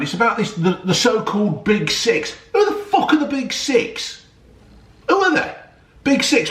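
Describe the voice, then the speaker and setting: A man's voice: sits high, a bit bright, roomy sound. A middle-aged man, ranting heatedly about football, swearing often and rambling with lots of "right?" and "yeah?". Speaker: football vlogger. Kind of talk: ranting vlog.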